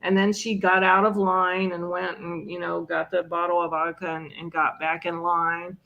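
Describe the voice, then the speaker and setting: A woman's voice: fairly low pitch, little pitch movement, creaky, pushed and bright, muffled recording. An older woman, a guest on a recovery podcast, telling personal stories in a chatty, self-mocking way. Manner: chatty and self-mocking, with frequent "you know" and quick laughs. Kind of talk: conversational storytelling.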